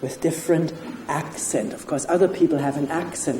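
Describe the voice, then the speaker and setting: A woman, giving a slow, thoughtful retreat talk with pauses and soft laughs. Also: low voice, reverberant, noisy background. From Germany. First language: German. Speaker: retreat teacher.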